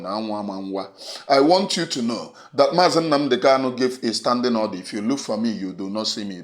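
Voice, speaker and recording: A man with a Nigerian accent delivering an impassioned monologue, fiery and repetitive, moving between shouted lines and low intense ones. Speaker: online commentator. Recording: roomy echo.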